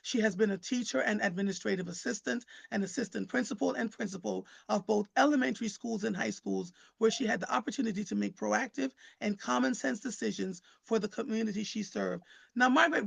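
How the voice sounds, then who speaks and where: A woman hosting a live stream, her voice pitched fairly high with a strong gravelly fry running through it. She talks casually and animatedly, speaking straight to her viewers and guests and often doubling up words as she gets going. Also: brisk. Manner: animated, repeats words when starting a thought; addresses viewers and guests directly, conversational. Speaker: live show host. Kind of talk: casual livestream talk.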